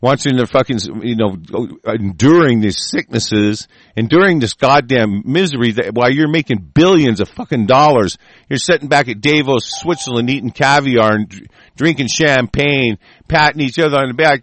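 Guy ranting mad and swearing a lot, keeps restarting, mid-pitched voice, dry close sound. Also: normal speed, fairly bright tone, no room sound. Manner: heated, profane, repeats and restarts. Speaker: host. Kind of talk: angry profane rant.

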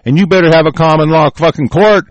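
Man, angry profane rant, reads then rants, higher-pitched voice, dry close sound. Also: fast, no room sound, muffled recording. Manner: reads lines aloud then rants with heavy swearing; loud and heated, then mutters low. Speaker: vlogger reacting to a text.

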